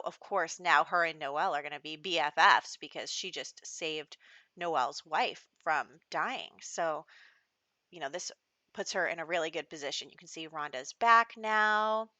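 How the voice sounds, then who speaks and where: Chatty woman with a bright, low-set voice. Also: no echo. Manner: chatty, laughs often, acts out characters' lines. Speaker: gameplay host. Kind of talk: casual gameplay commentary. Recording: dull, dry lo-fi recording.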